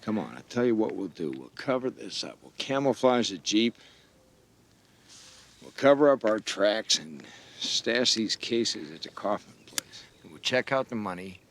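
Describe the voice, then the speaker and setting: An actor playing an older, cynical border patrol agent who talks in a dry, understated way in a film. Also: male voice, fairly low pitch, big pitch swings, measured pace, full character voice. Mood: persuasive. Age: middle-aged. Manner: world-weary, dry and understated. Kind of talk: film dialogue.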